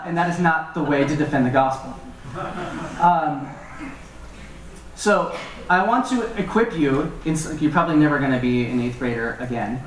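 A man's voice: mid-range voice, far from the mic, a little hiss or hum. Casual man teaching scripture in echoey room. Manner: conversational, joking asides. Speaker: Bible teacher.

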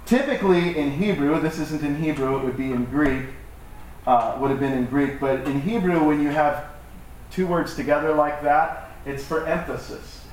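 A man's voice: a little high, moderate pace, slight background noise. A male pastor giving a conversational, joking sermon to his church and acting out voices in the stories he tells. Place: church hall. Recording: echoey hall from far off with faint ambience.

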